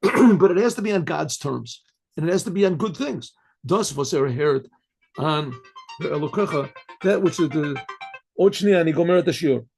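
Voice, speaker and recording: An older man, a rabbi, giving a Torah lecture in English mixed with Yiddish and Hebrew phrases, clearing his throat now and then. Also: fairly high pitch, animated, normal speed, darkish tone, faint music behind. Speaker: rabbi teaching.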